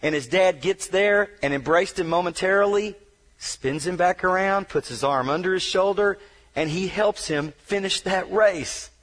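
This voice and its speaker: A man with a notably high voice delivers a motivational talk. He tells the story dramatically, dropping to a near whisper at tense moments and then rising to a shout. He pokes fun at himself with a joking edge. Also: moderate pace. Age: adult wheelchair user, paralyzed from injury. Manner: self-deprecating humor. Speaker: motivational speaker. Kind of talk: motivational speech.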